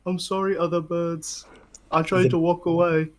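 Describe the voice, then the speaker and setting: A man voicing a big gentle male brute who loves birds, talking softly and earnestly. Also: on the high side, little pitch movement, moderate pace, pitched above the performer's own voice, lightly acted. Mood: apologetic. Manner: soft, earnest, sweet.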